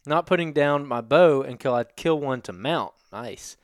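A man's voice: medium pitch, lively intonation, measured pace, no echo, clean studio sound. Jokey Southern podcast co-host, man. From Alabama. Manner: jokey, laughs easily, reads listener reviews. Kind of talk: casual podcast chat.

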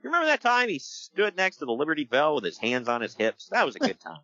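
A man hosting a casual podcast, recapping wrestling in an animated storytelling way and laughing often. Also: a little high, fast talker, no echo, highs cut off. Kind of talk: casual chat.

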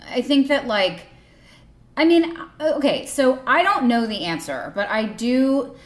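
A woman in her thirties casually telling stories, often trailing off softly. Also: sits high, very animated, measured pace, echoey room. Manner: chatty storytelling, trails off softly. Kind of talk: casual chat.

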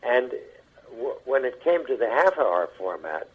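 As a radio guest, an older male actor shares anecdotes in an interview, his husky voice halting and often repeating words. His mid-range delivery has a sing-song quality, and the broadcast audio sounds dull and lo-fi.

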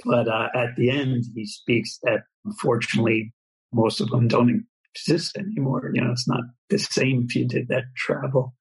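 A man with a very husky, breathy voice talks in a relaxed interview. His delivery is soft and earnest, and he often answers with a quiet "wow." His pitch sits at an ordinary middle level for a man. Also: normal speed, rough recording. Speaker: cartoonist guest. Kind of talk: conversational interview.

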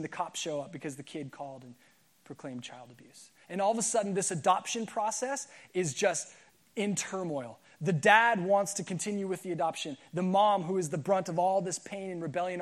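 Man, pastor, sermon, high-pitched voice, conversational storytelling, fillers and restarts.

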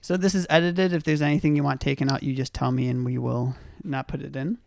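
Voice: mid-range voice, steady tone, fast, vocal fry, a little mellow, slight background noise. A podcast host interviewing a guest in a playful, teasing casual chat.

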